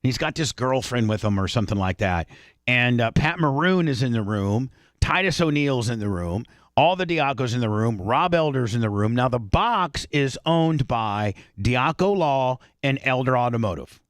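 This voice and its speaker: A man hosting a radio talk show, telling a story in a rambling, animated way with many restarts. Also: mid-range voice, normal speed, dry recording, studio quality. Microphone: studio microphone.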